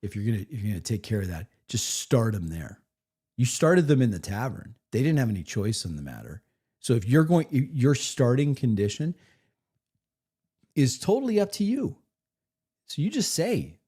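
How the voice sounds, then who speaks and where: A man's voice: medium pitch, very animated, moderate pace, mellow, breathy edge. A man critiquing a recorded game session on a live stream, rambling with frequent restarts. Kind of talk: live reaction commentary.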